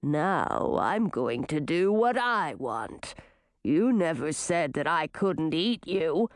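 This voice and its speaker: A woman voicing a huge menacing male manticore who taunts slowly in a drawn-out, deep voice. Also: big pitch swings, dry recording, clean studio sound, heavily acted. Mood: gloating. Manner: slow, drawn-out, gloating.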